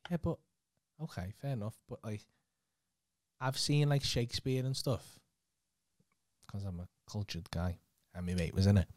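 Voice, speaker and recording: A man's voice: fairly low pitch, normal speed, pauses often, darkish tone, dry recording, studio quality. A man with a Scouse accent hosting a podcast, chatting casually, teasing his guest, laughing and swearing freely. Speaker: podcast host. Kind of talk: casual chat.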